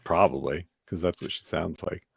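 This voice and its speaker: A man's voice: deep voice, fairly even intonation, normal speed, creaky, breathy edge, no echo, studio quality. A man hosting a podcast, chatting casually and rambling with lots of fillers and restarts. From United States. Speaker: podcast host. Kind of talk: casual chat.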